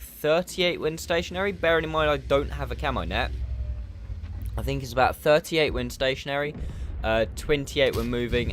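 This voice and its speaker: Lively, chatty gaming commentator man. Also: on the high side, a little hiss or hum. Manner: chatty, animated, jokey asides. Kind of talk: casual gameplay commentary.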